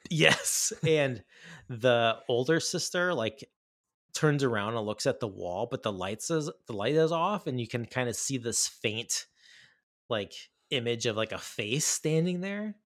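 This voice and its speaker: Bright-voiced man chatting about films. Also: medium pitch, expressive, measured pace, no room sound, clean studio sound. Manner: rambling, enthusiastic, many fillers and restarts. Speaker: podcast co-host. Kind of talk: casual film chat.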